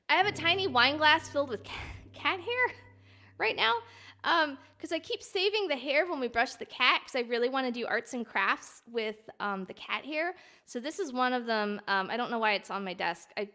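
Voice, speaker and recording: A woman's voice: a little high, pushed and bright. A woman chatting casually at her home desk during a live stream, rambling with lots of ums and little laughs. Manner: rambling and giggly, many ums. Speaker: filk singer and streamer. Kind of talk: chatty live-stream banter between songs.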